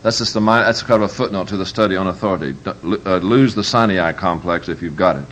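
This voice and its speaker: A man's voice: sits low, quick pace, hardly any pauses, a little hiss or hum. A man giving a humorous live parenting workshop as a preacher, telling stories with emphatic, joking delivery. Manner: lively, joking, emphatic storytelling.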